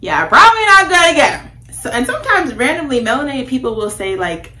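A woman's voice: high-pitched, very animated, brisk, bright, forceful tone. A woman talking to camera in a casual, rambling monologue, often correcting herself. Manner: rambling, chatty, self-correcting. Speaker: spiritual vlogger. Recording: roomy echo, faint background hiss.

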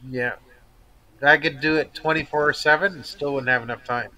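A man's voice: fairly high pitch, fairly even intonation, moderate pace, pushed and bright, rough recording. A man hosting a live stream, chatting in a friendly way and laughing often. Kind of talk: casual chat.

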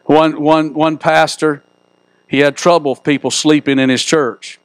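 Folksy pastor, higher voice. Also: male voice, flat delivery, unhurried, clear, resonant tone, no room sound. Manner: folksy, joking storyteller. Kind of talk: sermon. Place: church sanctuary.

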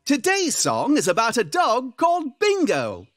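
A woman's voice: a little high, wildly swooping pitch, measured pace. A woman voicing a cheerful male frog who leads children in a sing-along. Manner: bubbly, encouraging. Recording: children's music behind.

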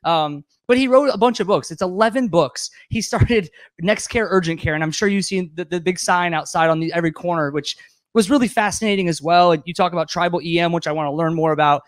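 A man's voice: sits high, brisk, dry recording. A man hosting a speaker series, introducing his guest in a chatty, enthusiastic way. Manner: chatty, enthusiastic, laughs between remarks. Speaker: event host.

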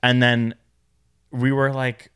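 A young man on a podcast chatting casually, an animated storyteller who acts out quotes in high, squeaky voices. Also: slow pace, clear, resonant tone. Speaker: podcast co-host. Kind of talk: casual chat.

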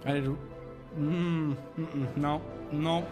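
A man hosting a stream in casual chat, blunt and profane, giggly and high. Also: flat delivery, very slow, loud music behind the voice. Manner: profane, blunt, laughs often. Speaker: streamer host.

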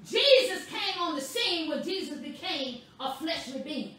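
A woman pastor delivering a sermon, with slow, emphatic preaching that stresses words boldly. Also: high voice, expressive, pushed and bright. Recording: echoey room, voice from a distance.

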